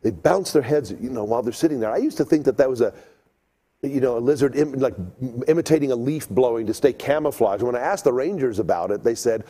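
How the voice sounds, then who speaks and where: A middle-aged man telling a childhood story to an audience, lively and acting out voices and sounds. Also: mid-range voice, fast. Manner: animated, acts out voices and sounds.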